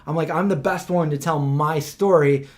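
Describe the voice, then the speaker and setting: A man's voice: fairly high pitch, moderate pace. A man telling a story in a casual podcast chat, rambling and full of fillers. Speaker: podcast host.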